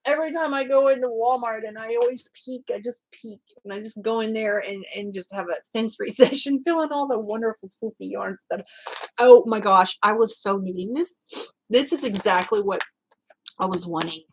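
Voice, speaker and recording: Tearful and choked up, a crafting-channel host gushes over a gift she's unboxing, chatting casually and exclaiming often. Her voice runs on the high side at a normal pace, and the low-quality audio has a faint hiss or hum.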